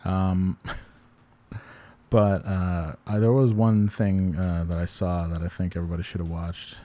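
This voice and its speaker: A man's voice: sits low, flat delivery, unhurried, mellow. A man co-hosting a podcast, chatting casually and jokily, rambling and laughing often. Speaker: podcast co-host. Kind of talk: casual chat.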